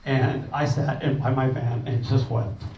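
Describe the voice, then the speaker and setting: A man with a mid-range voice and flat delivery speaks at a measured pace about a refugee relief trip, addressing a meeting audience informally. His talk is earnest and rambling, with fillers and restarts. The recording from the meeting room is roomy, distant and dull, carrying faint noise.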